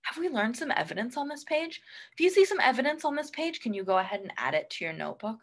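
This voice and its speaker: A woman's voice: on the high side, big pitch swings, quick pace. A woman teacher reading a picture book aloud to young students and coaxing them with questions about what they learned.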